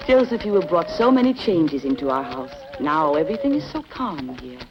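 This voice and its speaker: A woman's voice: deep voice, big pitch swings, moderate pace, dull audio, background noise. A coy, commanding noblewoman. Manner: languid, teasing and imperious. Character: pampered noblewoman, wife of a rich Egyptian lord, coy and commanding.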